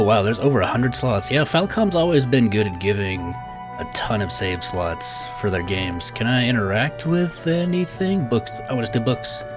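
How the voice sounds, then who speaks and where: A man giving casual game commentary, chatty and thinking aloud, laughing often. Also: mid-range voice. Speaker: let's play host.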